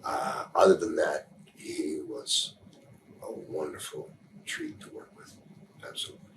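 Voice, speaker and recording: A man giving a candid interview, telling a story in a rambling, halting way with many restarts, earnest and emotional in places. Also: rumbling low, huge pitch swings, vocal fry, fairly bright tone, slight background noise, rough recording. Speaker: interview guest.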